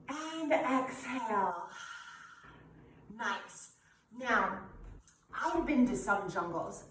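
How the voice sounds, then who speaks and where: A young woman teaching kids' yoga guides the children cheerfully and encouragingly in a sing-song coaching style. Her voice is high and heard from a distance in an echoey room, with slight background noise.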